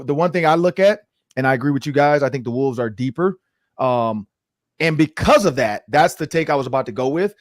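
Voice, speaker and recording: A man hosting a casual sports roundtable, talking in an animated way with many fillers and frequent laughter. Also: a little high, no echo, studio quality. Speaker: podcast host.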